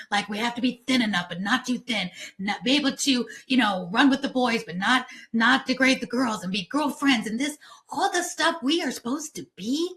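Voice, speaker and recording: A woman hosting a talk show, encouraging her guest and fumbling for words now and then. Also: fairly high pitch. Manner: warm, encouraging interviewer who fumbles for words. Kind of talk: casual talk show chat.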